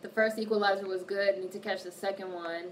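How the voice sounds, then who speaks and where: A woman running a casual livestream reads comments from viewers aloud and answers with a lot of swearing. Her tone is steady, her pitch medium, and her pace a little fast. Faint background noise comes through the distant mic.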